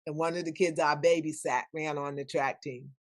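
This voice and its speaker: A podcast guest, an older woman whose voice sits low, shares stories at a normal speed in a dry recording. She's lively in conversation and mimics the people she's quoting.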